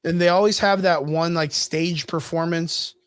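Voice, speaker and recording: A man co-hosting a casual podcast chat, animated and profane, acting out scenes in quick put-on voices. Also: on the high side, clean tone, no room sound. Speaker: podcast co-host.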